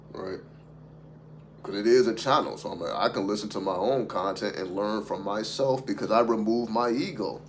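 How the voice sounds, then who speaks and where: A man with a lowish voice riffs unscripted to his livestream audience as a spiritual content creator. He talks emphatically, swears freely and keeps asking rhetorical questions. A faint hum sits behind him.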